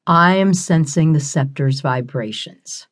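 A woman narrator voicing a chatty, self-satisfied talking crystal skull that drops French words into slow, leisurely lines in an audiobook. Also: sits low. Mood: smug teasing.

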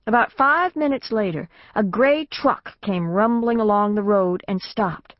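A woman narrates a first-person novel as an audiobook, unhurried and medium-pitched, telling it plainly and lifting her voice for the family's lines. There's no room sound in the dry, slightly dull studio recording.

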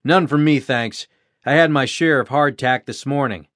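A man voicing a calm, measured Union captain who speaks matter-of-factly. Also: mid-range voice, dry recording, studio quality, lightly acted. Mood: polite.

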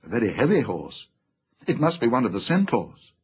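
Man voicing a courtly gentle unicorn. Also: medium pitch, huge pitch swings, normal speed, breathy edge, heavily acted. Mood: courteous. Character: loyal male unicorn, calm and courteous. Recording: slightly dull lo-fi audiobook recording.

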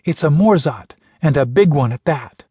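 A man's voice: lively intonation, normal speed, dark tone, slightly rough, no echo. A man voicing a huge wry alien dog warrior. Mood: matter-of-fact. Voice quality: wheezing laugh, low and dry. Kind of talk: audiobook character voice.

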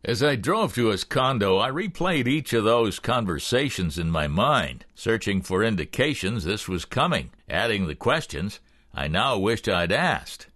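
A man narrating a thriller audiobook in the first person with expressive storytelling. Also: on the low side, measured pace, no echo, clean studio sound.

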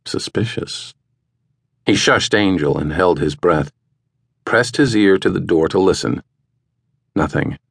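Male audiobook narrator, deep and measured, close dry read. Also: lively intonation, creaky, breathy edge, no echo. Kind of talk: scripted narration.

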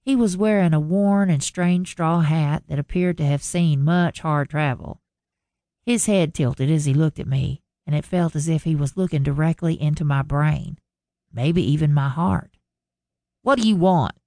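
A woman narrating a first-person contemporary romance audiobook in a measured storytelling manner. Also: low-pitched, dark tone, no room sound, clean studio sound.

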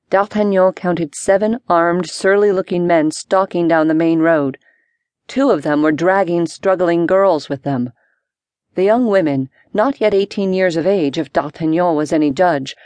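Brief: female audiobook narrator, lower register, dry close sound. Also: a little mellow, no room sound. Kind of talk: scripted narration.

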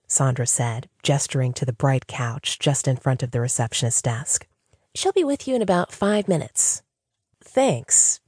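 A woman reading a romance audiobook as narrator, in a steady scripted style. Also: a bass voice, breathy edge, no echo, clean studio sound.

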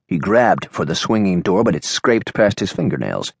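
A man narrating an audiobook in a measured, expressive way. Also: sits low, creaky, husky, no echo, studio quality. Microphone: studio microphone.

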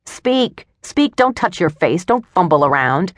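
A woman narrator voicing a furious, foul-mouthed male boss who yells and barks orders in an audiobook. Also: low-pitched, quick pace, no echo, clean studio sound, close to an everyday voice. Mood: demanding. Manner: yelling, barking orders, swearing.

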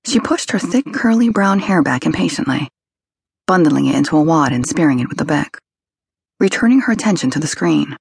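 Gravelly woman narrating a crime novel. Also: deep voice, lively intonation, a little fast, no room sound, studio quality. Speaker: audiobook narrator. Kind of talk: scripted narration.

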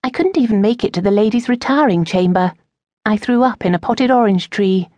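Woman doing a young lady of society, calm but a bit sharp-tongued, mid pitch, dry sound. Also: brisk, no echo, close to an everyday voice. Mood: tart. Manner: composed, with tart asperity. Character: poised young noblewoman, a debutante and patient daughter. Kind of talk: audiobook character voice.

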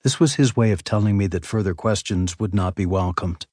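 A man narrating a memoir audiobook in a measured, even storytelling manner on a close studio mic. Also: low voice, no room sound.

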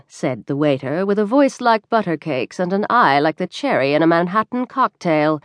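A woman narrating a classic short story as an audiobook, with expressive, lively storytelling. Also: lowish voice, normal speed, few pauses, dry recording, studio quality.

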